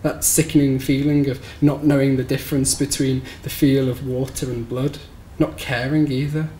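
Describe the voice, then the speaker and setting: Man, author reading fiction aloud, measured and somber, flat even pitch, roomy live recording. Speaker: author reading his short story. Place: bookshop event space, live audience. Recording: roomy live recording with faint background noise.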